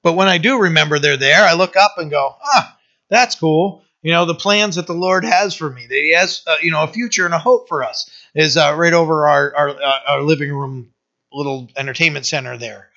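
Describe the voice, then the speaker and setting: A man, the pastor, giving a conversational sermon with lively asides and frequent restarts. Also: fairly high pitch, a little fast, highs cut off. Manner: casual, animated, many restarts and asides.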